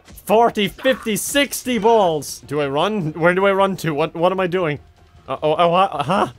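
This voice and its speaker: A man's voice: on the high side, normal speed, fairly bright tone, faint music behind. A man doing gameplay commentary in a sarcastic, joking way, often laughing. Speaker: gaming commentator.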